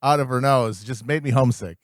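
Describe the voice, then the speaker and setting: A man's voice: mid-range voice, fairly quick, no echo. A man co-hosting a comedic podcast, rambling and riffing in a mocking tone. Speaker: podcast co-host. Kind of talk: casual comedic podcast chat.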